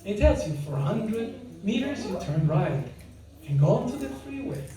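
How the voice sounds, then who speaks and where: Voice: medium pitch, big pitch swings, normal speed, crowd noise. Playful speaker in a very echoey hall. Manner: playful, quizzes the audience, laughs often. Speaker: devotional speaker. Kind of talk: informal spiritual talk to a gathering. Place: large hall with audience. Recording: very echoey hall, mic far off, audience.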